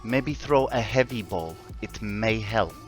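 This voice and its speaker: Blunt Russian-accented man, put on by a streamer; slow, formal, no contractions. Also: fairly low pitch, animated, faint music behind. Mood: scornful.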